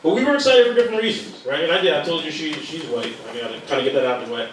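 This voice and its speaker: A man's voice: a little high, rapid-fire, a little hiss or hum. A man doing a stand-up routine on a comedy club stage, joking and ranting with mock anger. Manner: lively, joking, mock-angry rants. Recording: echoey room, distant mic, loud crowd.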